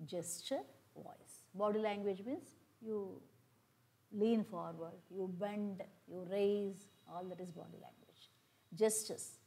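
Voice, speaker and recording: A woman's voice: medium pitch, warm tone, low-quality recording. An older woman from India with an Indian English accent, giving a classroom lecture, explaining step by step with frequent fillers. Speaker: college lecturer.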